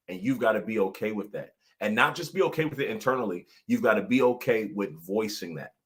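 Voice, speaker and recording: A man hosting a casual motivational livestream as pastor and coach, animated, often laughing and repeating his points for emphasis. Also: lowish voice.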